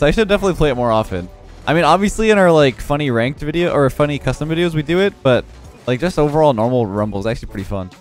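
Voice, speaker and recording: A young man giving live commentary over his own gameplay, excitable and quick to laugh, with frequent exclamations. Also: mid-range voice, faint music behind. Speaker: gaming YouTuber.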